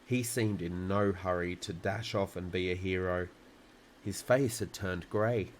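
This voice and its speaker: Calm low-voiced man reading a storybook. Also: a little slow, slight background noise, low-quality recording. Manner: calm, relaxing delivery. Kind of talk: reading a children's book aloud.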